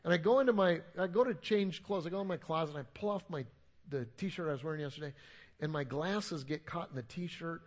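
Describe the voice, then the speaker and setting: A man's voice: fairly high pitch, brisk. A middle-aged man, a pastor, preaching a sermon in a conversational, self-deprecating storytelling way.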